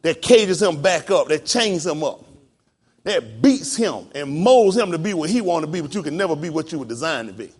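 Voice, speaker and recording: A man's voice: a little high, big pitch swings, moderate pace, husky. A man preaching as a pastor, delivering a sermon with emphatic, punchy delivery and repeated questions thrown to the congregation. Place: house of worship.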